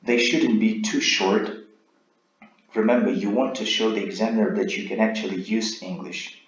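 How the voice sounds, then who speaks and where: A man giving a recorded speaking lesson as a teacher, explaining in a measured way and checking in with "right?". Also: lowish voice. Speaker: IELTS teacher. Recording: roomy, dull lo-fi sound.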